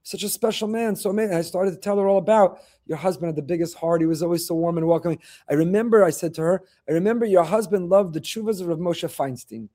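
A middle-aged man, a rabbi, giving a weekly faith talk, telling stories with animated delivery and repeating phrases for emphasis. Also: high voice, quick pace, hardly any pauses.

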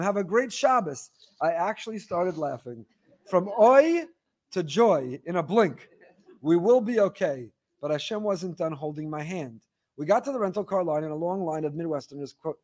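A man teaching a Torah class, reading listener emails aloud in an animated storytelling way with wry asides. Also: high-pitched.

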